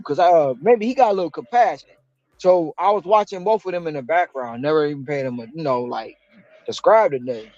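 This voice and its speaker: A man with a fairly high voice tells a story in relaxed chat, slangy and lively, jumping way up in pitch whenever he acts out what someone said. The sound is dull and lo-fi, close and dry with no room around it. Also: fairly quick, no room sound. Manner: animated, slangy, acts out quotes with big pitch jumps. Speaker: delivery driver. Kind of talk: casual storytelling.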